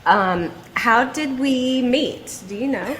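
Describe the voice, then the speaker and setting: A woman's voice: high voice, animated, takes it slowly, fairly bright tone, poor audio. Woman host, thirties, blunt, curious, playful, faint background hiss. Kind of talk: casual chat.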